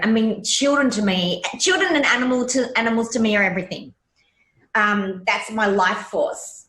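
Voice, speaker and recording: Her voice is on the high side and a bit bright, at normal speed. This forty-something hypnotherapist guest shares a personal story with blunt emotion and plenty of swearing, and the room echoes around her.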